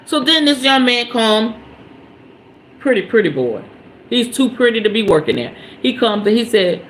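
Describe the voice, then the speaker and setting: A woman hosts a podcast, telling a story in casual talk about mindfulness. Her voice is on the high side at a moderate pace, with a little hiss or hum in the audio. She's animated and emphatic, drops salty slang and swear words, and keeps checking in with listeners.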